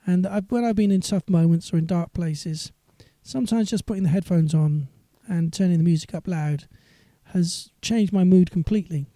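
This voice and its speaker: A man's voice: sits high, moderate pace, hardly any pauses, dark tone, no room sound, studio quality. A singer-songwriter man chatting on a live stream between songs, rambling and reading viewer comments aloud.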